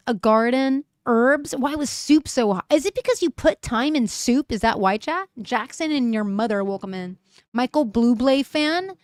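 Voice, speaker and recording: A woman's voice: a little high, no echo, clean studio sound. A young woman livestreaming, chatting playfully with her viewers, reading their comments aloud and laughing often as she thinks aloud.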